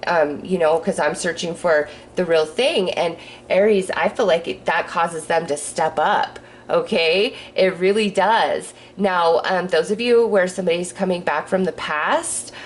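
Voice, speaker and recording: A woman's voice: fairly low pitch, measured pace, slight background noise. A woman giving a casual tarot reading, chatty and rambling with plenty of fillers. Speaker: tarot reader.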